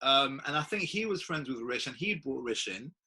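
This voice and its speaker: A young man hosting a casual chat, talking with hesitant pauses and fillers. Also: medium pitch, animated, sharp tone, breathy edge. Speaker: podcast host.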